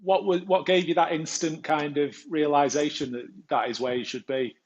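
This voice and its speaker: Gentle male host, dull lo-fi sound. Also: fairly high pitch, fairly even intonation, normal speed. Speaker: podcast host. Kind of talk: interview questions.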